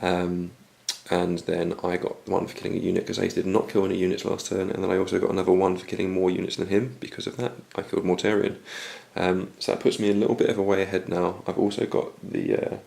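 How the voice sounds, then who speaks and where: Very deep gravelly man, losing his voice. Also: quick pace, hardly any pauses. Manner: steady recap of dice results. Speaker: wargame player narrating his turn. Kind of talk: casual battle report commentary.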